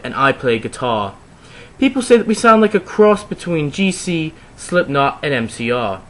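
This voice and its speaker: Man, mock-dramatic reader, raised voice, theatrical, loud sudden bursts, over-the-top delivery. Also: fairly high pitch. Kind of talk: mock-dramatic reading of fan fiction.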